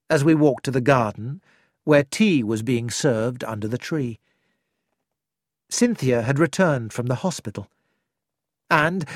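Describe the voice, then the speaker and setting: An audiobook narrator reading a first-person story in a measured, deliberate way. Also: medium pitch, no room sound, studio quality. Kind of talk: scripted narration.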